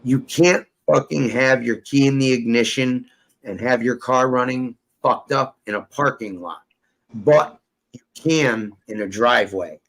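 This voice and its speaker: A man with a gravelly, creaky voice tells a rambling, profane tale in casual chat. He acts out each quoted line himself. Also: mid-range voice, unhurried, a bit bright, rough recording. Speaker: storyteller guest.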